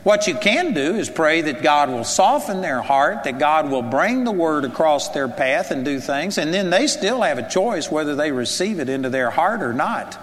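Man, preacher, high voice, conversational sermon, rhetorical questions, reverberant hall. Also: lively intonation, normal speed, hardly any pauses.

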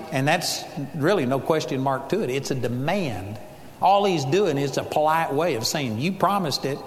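A man's voice: a little high, fairly quick, a bit bright, big-room sound. A man preaching a sermon in a church, talking emphatically, quoting scripture and acting out voices.

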